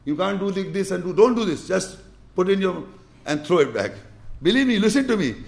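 Gravelly high-voiced man teaching. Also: big pitch swings, brisk. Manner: emphatic, repetitive, demonstrates with gestures. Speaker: Islamic teacher. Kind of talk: explanatory religious lesson with demonstration.

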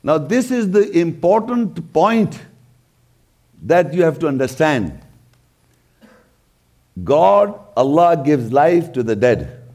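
A man's voice: on the high side, sing-song, takes it slowly, pauses often, a little mellow. A man giving a religious talk, explaining scripture verse by verse and stressing key points by repeating them. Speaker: religious lecturer. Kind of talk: scripture commentary.

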